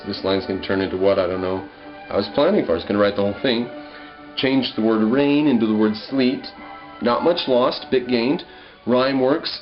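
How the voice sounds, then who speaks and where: A man reading lines of his poem aloud and musing over how he wrote them, pausing often with ums and restarts. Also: on the low side, muffled recording. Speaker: poet. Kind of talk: casual spoken commentary on his own poem.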